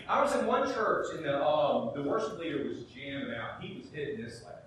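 A middle-aged pastor preaching, his slightly high voice pressing hard with rhetorical questions and little acted-out asides. He is heard from a distance in a very echoey hall, a faint rumble underneath. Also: big pitch swings, fairly quick, few pauses. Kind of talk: sermon.

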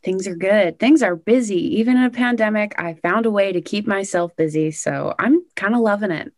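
A young woman, a singer-songwriter, chatting excitedly in an interview with lots of "like" and "oh my gosh". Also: medium pitch, moderate pace, no echo, studio quality. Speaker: country singer-songwriter guest. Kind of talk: casual interview answers.

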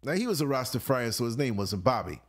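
A man's voice: mid-range voice, sing-song, fast. A man on a late-night talk show, telling stories animatedly, laughing often and acting out grunts and voices. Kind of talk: late-night casual storytelling.

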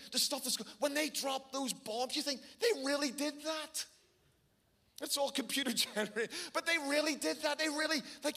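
A middle-aged Irish man preaching a sermon, telling stories with animated, sometimes shouted bursts. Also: sits high. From Ireland. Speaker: pastor.

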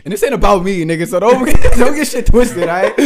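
Lively, laughing young man telling a story. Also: sits high, background noise. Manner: laughs often while telling a story, loud bursts. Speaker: podcast co-host. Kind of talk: casual podcast chat, storytelling.

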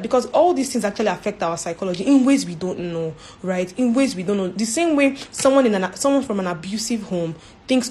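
A woman's voice: mid-range voice, expressive, fast talker, darkish tone. A woman giving an informal faith talk as a church speaker, earnest, repeating herself and ending points with "right?".

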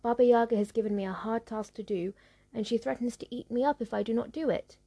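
A woman voicing a meek, troubled young girl in a storybook reading, pleading softly. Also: on the high side, steady tone, fast talker.

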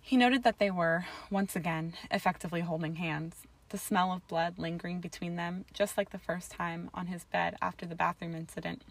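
Low-voiced woman reading a story. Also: fairly even intonation, normal speed, vocal fry, hardly any pauses. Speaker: reader. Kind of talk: audiobook narration of fan fiction.

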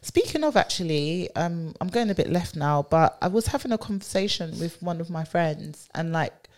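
A woman's voice: lowish voice, animated, normal speed, darkish tone. A woman with a London accent, co-hosting a podcast in casual, chatty talk full of "like". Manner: chatty, peppered with "like". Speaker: podcast co-host. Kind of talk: casual chat.

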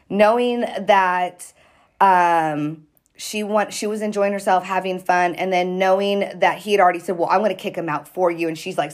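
A woman telling a story in casual chat with friends, animated and profane, acting out what people said. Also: mid-range voice. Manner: animated, profane, acts out quoted lines. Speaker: storyteller recounting a fight.

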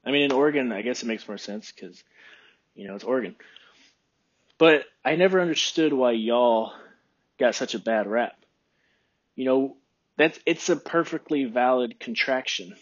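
Husky, phlegmy man rambling on a podcast. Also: mid-range voice, moderate pace, long pauses, dull audio. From Texas. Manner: rambling, relaxed, frequent throat clearing. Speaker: podcast host. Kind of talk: casual solo podcast chat. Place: room by a window.

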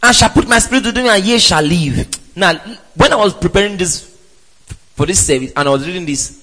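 Emphatic preacher with reverb. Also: male voice, high-pitched, fairly quick, bright, forceful tone. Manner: emphatic, with sudden exclamations and rhetorical questions. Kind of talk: sermon. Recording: reverberant hall.

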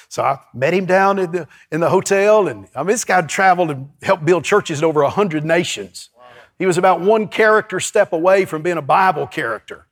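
High-voiced pastor preaching. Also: male voice, fairly quick. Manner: lively, storytelling, calls to the congregation. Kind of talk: sermon. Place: church before a congregation.

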